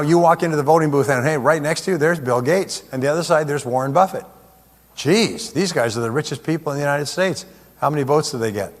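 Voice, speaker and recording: A man giving a motivational seminar talk in a large hall, joking with and rousing the audience. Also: mid-range voice. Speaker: seminar speaker. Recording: echoey hall with long reverb.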